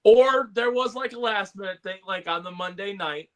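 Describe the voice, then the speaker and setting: A man co-hosts a casual podcast chat, rambling along with plenty of fillers and laughter. His voice is high and fairly bright, and he talks at a normal speed.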